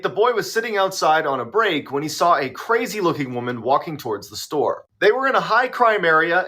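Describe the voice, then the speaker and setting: A man's voice: on the high side, sharp tone. A man narrating short scary stories in a scripted, dramatic storytelling style.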